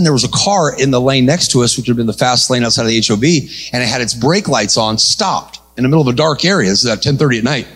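A man preaching an energetic sermon, telling a story and calling out to the congregation. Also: medium pitch, slightly rough. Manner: animated, calls out to congregation.

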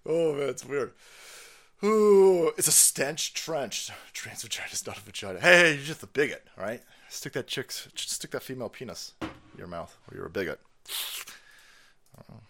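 A man ranting on a live stream, loud, profane and mocking, slipping into sarcastic voices. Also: medium pitch, lively intonation, fairly quick.

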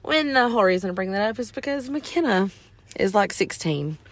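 Woman, podcast co-host, casual storytelling, animated. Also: medium pitch, fairly quick. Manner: animated, acts out quotes in exaggerated voices.

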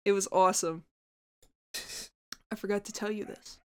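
A woman's voice: medium pitch, fairly even intonation, normal speed, a little mellow. A young adult woman on a casual gaming podcast, teasing playfully. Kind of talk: casual chat.

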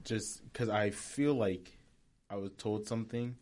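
A man's voice: on the low side, fairly even intonation, unhurried, darkish tone. A young man in casual podcast chat, speaking hesitantly and tentatively.

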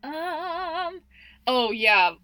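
A woman's voice: sits high, lively intonation, very slow, pushed and bright, no echo. A young woman chatting casually as a podcast co-host, laid-back and laughing, with casual slang. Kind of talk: casual chat.

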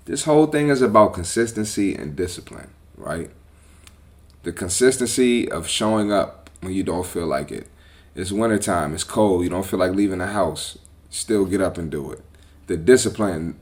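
A man hosting a podcast as a personal trainer, talking bluntly and with profanity in a casual, animated monologue. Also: on the low side, normal speed.

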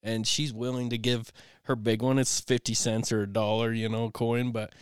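Casting: male host, smooth clear voice, close and dry, rambling storyteller. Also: mid-range voice, level tone, normal speed, no room sound. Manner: rambling, storytelling with many restarts. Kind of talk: casual conversation.

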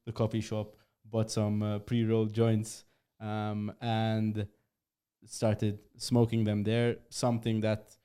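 A man hosting a podcast in casual chat, hesitant and halting, laughing often as he talks. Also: lowish voice, monotone, warm tone, smooth. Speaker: podcast host.

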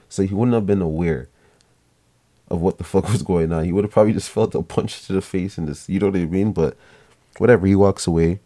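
A young man casually telling a family story to camera, rambling, swearing now and then and acting out what people said. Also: deep voice. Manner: relaxed, rambling, swears casually, acts out quotes.

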